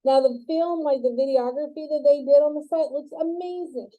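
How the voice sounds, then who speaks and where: Through narrow, tinny audio, a woman with a high-sitting voice lectures a college web design class at a normal speed. She's chatty and jokey, playing both parts of the conversations in her stories.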